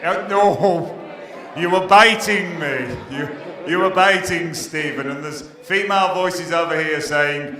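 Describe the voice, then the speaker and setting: On a pier theatre stage before a live audience, a middle-aged compere tells jokes, delivering deadpan punchlines and teasing the crowd. His high-pitched voice rings bright and forceful, and he takes his time.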